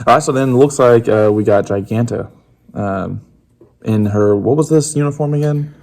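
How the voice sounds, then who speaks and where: A man chatting casually while unboxing game tokens, relaxed, laughing often, with plenty of fillers. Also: mid-range voice, moderate pace, creaky. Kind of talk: casual chat.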